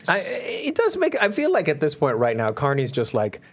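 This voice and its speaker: A comedy panelist riffing in an animated, exasperated way. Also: medium pitch, normal speed. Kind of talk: casual panel comedy chat.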